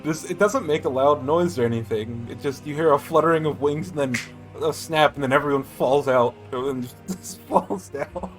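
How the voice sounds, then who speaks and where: A man's voice: a little high, moderate pace, soft background music. A man narrating and running a casual tabletop role-playing game as game master, laughing easily.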